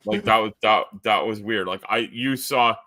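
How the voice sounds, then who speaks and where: A man's voice: on the low side, normal speed, sharp tone. Rambling Canadian man on a live stream. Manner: rambling, joking, lots of fillers. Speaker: host. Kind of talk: casual live-stream chat.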